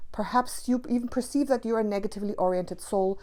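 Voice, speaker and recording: A woman's voice: medium pitch, fast talker, few pauses. A woman teaching spiritual practice to camera, passionate and emphatic, repeating key phrases for stress.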